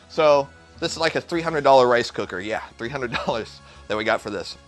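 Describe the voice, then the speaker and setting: A man's voice: medium pitch, expressive, a little fast, soft background music. A young man chatting through a casual cooking livestream from a home kitchen, rambling, swearing a lot and sounding hyped. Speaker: cooking streamer. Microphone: neck-mounted camera.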